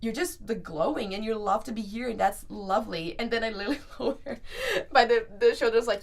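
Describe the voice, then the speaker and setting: A woman's voice: on the high side, fairly quick, few pauses, noisy background. A young woman co-hosting a podcast, telling festival stories in casual chat, acting out quotes and swearing freely. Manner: animated storyteller, acts out quotes, swears freely. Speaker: podcast co-host.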